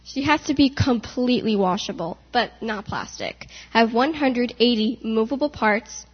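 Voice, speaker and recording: A woman voicing the Lord as a tireless male creator in a church readers' theater, reading briskly and with emphasis. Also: fairly high pitch, lightly acted. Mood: eager. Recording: dull recording in a reverberant hall.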